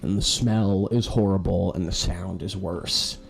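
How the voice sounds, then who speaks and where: A man running a tabletop game as game master, narrating in a casual, animated way. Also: low voice, a little slow, vocal fry, a little hiss or hum. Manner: casual, animated, laughing storyteller.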